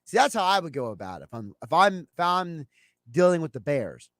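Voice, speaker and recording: A man's voice: a little high, big pitch swings, brisk, a bit bright, no echo, clean studio sound. A man hosting a sports talk show, giving his take in a loose, conversational way and acting out imagined phone calls.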